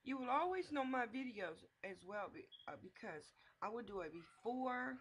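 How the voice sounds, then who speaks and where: A woman's voice: fairly high pitch, lively intonation, moderate pace, a little hiss or hum. A middle-aged woman hosting a playful, joking wig tutorial, talking sassily to her viewers. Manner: sassy, joking, addresses viewers as y'all and baby. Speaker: vlogger's mother doing a wig tutorial.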